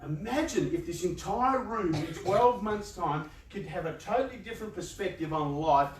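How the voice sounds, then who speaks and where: A man with a fairly high voice gives a playful, conversational motivational talk to a room full of people. The sound echoes around the space, and his voice is picked up from a distance with faint ambience underneath. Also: animated, normal speed, slight background noise. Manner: conversational, playful, laughs often and acts out inner voices. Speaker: youth organisation speaker. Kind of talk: motivational talk to a live audience. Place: large room with an audience.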